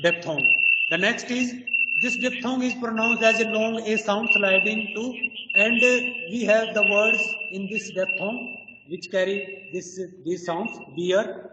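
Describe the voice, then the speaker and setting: Hesitant lady teacher, lots of pauses, far from the mic, muffled with loud hiss. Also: mid-range voice. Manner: hesitant, many pauses and "you can say" fillers. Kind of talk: slow explanatory lecture. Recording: distant echoey dull-sounding recording with loud noise.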